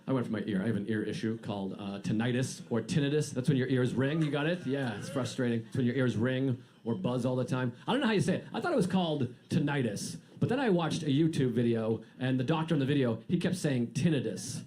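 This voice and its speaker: A man's voice: mid-range voice, quick pace, hardly any pauses, darkish tone. A man doing a stand-up comedy set, telling dry, self-deprecating stories. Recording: noisy live set with audience laughter. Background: audience laughter.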